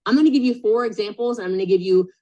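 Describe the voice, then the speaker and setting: A woman's voice: medium pitch, racing, mellow, low-quality recording. A woman coaching a group live on a sales call, super direct and emphatic, repeating key points and checking in with frequent "okay?" questions. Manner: casual, swears, checks in with "okay?".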